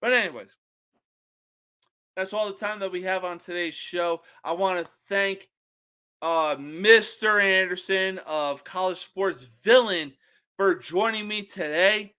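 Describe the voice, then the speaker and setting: A young man hosting a sports podcast, giving profane, opinionated game picks that burst into shouting rants. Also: sits high, unhurried, clean tone.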